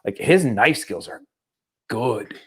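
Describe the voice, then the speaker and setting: A middle-aged man chatting on a podcast with an average-pitched voice. He tells stories at length and wanders into tangents. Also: slow pace, slightly rough. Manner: animated storyteller, slips into mock accents. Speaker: podcast co-host. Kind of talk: casual chat.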